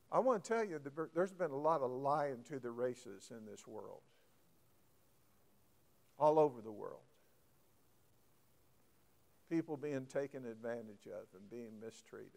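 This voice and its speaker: A man's voice: medium pitch, animated, measured pace, creaky, long pauses, a little mellow. A man preaching a folksy sermon, often asking the congregation questions and getting emphatic.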